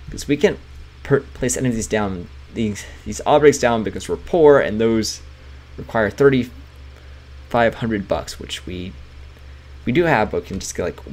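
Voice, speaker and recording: A man's voice: fairly low pitch, a little mellow. A man casually commenting while playing a management game, chatty and often laughing, reading game text aloud. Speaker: gaming writer streaming a game. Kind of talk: casual let's-play commentary.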